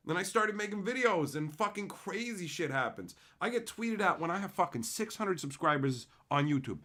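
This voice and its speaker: A man's voice: big pitch swings, normal speed, hardly any pauses, bright, forceful tone. A man hosting a livestream, ranting in a profane, mocking way and reading out chat. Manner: abrasive, mocking, swings into high sarcastic impressions. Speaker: livestream host.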